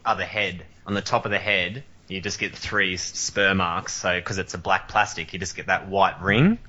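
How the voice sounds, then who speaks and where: Low, bright-voiced man rambling. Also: fairly even intonation, normal speed, highs cut off. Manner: rambling, many fillers and restarts. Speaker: collector in group chat. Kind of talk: casual chat.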